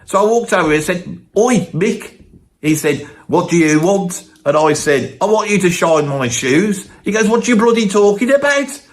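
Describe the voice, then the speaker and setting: Man doing a brash Brummie braggart, Birmingham accent, high-pitched voice, cocky and mocking, tall-tale teller. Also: lively intonation, moderate pace. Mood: boastful. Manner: swaggering, mocking storyteller.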